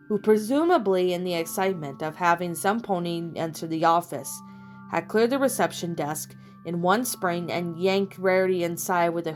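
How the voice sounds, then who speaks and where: A woman narrating a fan story aloud in a steady descriptive reading. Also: mid-range voice. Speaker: audiobook narrator. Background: soft background music.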